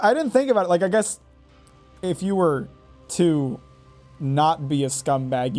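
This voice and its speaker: A man's voice: medium pitch, darkish tone. A man giving casual gameplay commentary, exasperated and profane, stammering and repeating words as he reacts. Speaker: gaming YouTuber.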